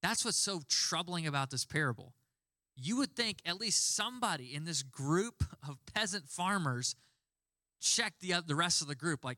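Bright-voiced male pastor preaching. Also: on the high side, animated, moderate pace, no echo, clean studio sound. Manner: conversational storytelling, acts out quoted dialogue. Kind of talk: sermon.

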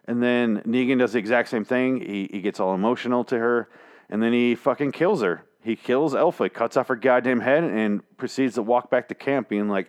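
A man's voice: mid-range voice, normal speed. Rambling, cussing male podcast host. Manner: rambling, profane, jokey. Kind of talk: casual solo podcast recap. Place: small studio. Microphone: headphones on, studio mic.

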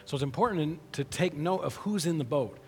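A man's voice: a little high, expressive, brisk, soft background music. Guy preaching casually, keeps asking right?, big echoey hall. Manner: conversational, frequent "right?" asides. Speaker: pastor. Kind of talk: sermon. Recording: long hall reverb.

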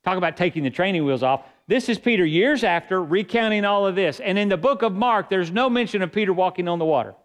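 Pastor guy preaching, kinda high voice, reads scripture, builds it up. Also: animated, fast, few pauses. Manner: preaching with rising emphasis and quoted scripture. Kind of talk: sermon.

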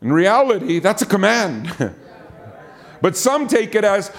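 A preacher with a high-sitting voice tells a personal story as a sermon, speaking a little slowly and pausing often. He's animated, performs the voices of people he quotes, and repeats "amen" frequently.

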